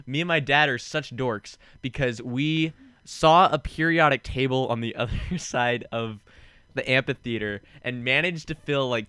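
A man's voice: medium pitch, sharp tone, clear, resonant tone, no room sound. A man hosting a podcast in a casual, rambling, jokey chat, often breaking into laughter. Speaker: podcast host.

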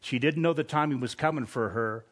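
A man preaching an expository sermon at an average pitch. He speaks earnestly and with emphasis, raising his voice on the points he wants to land. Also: a little fast.

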